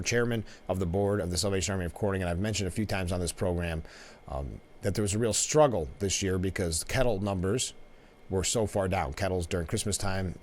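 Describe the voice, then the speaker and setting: A man hosting a talk show, giving casual political commentary in a conversational way, with restarts and asides. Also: fairly low pitch. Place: broadcast studio.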